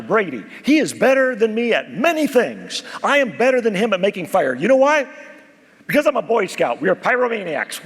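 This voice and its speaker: A man giving a motivational keynote, telling stories, calling out to the crowd and dropping to a hush for serious points. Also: a little high, slightly rough, long reverb tail. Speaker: keynote speaker. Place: large conference hall.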